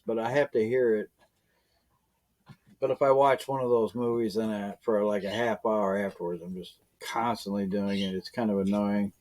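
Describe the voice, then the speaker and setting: A man's voice: medium pitch, darkish tone. A man leading an online team meeting in casual chat, rambling with lots of fillers and chuckling often.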